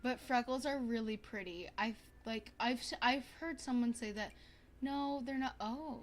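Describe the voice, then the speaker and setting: A young woman streaming a life-sim game, chatting casually to viewers in a bubbly, excitable way, gasping and repeating herself. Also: fairly high pitch, unhurried, slight background noise. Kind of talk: casual gaming stream chat.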